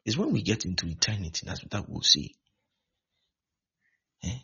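A man's voice: fairly low pitch, sing-song, normal speed, bright, forceful tone, breathy edge. A man preaching a sermon as pastor, exhorting with lots of repetition. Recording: dull lo-fi recording.

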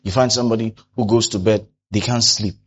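A pastor preaching a sermon, animated, who often acts out the people he quotes. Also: fairly low pitch, fairly quick, dull audio, slight background noise.

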